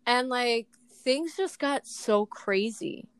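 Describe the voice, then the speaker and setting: A young woman tells a story in a fast, rambling way, filling it with "like" and restarts. Her voice sits a little high. It sounds dry and close. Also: smooth, no echo. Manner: fast, filler-heavy storytelling with many "like"s. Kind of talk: casual storytelling chat.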